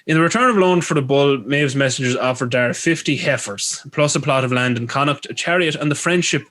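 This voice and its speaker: A man's voice: mid-range voice, fairly quick, fairly bright tone. A man with an Irish accent hosting a podcast, retelling folklore with rambling, crude jokey asides. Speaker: podcast host. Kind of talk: comedic storytelling chat.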